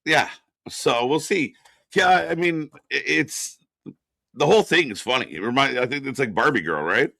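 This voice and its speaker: A man's voice: mid-range voice, expressive, moderate pace, vocal fry, pushed and bright, dry recording. A man co-hosting a live wrestling watch-along stream, chatting casually, laughing often and greeting chat viewers by name.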